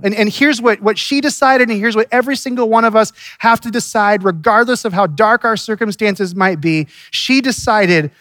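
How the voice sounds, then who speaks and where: A man's voice: very high-pitched, normal speed, sharp tone, no echo, studio quality. A man preaching a sermon in an earnest, conversational way, often restarting his sentences. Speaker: pastor.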